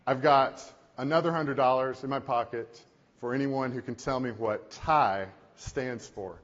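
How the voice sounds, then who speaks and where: A man's voice: medium pitch, measured pace. Man telling stories on a conference stage. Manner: animated, conversational storytelling. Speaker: company CEO and conference speaker. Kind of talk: keynote presentation. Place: conference hall. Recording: echoey hall, dull lo-fi sound.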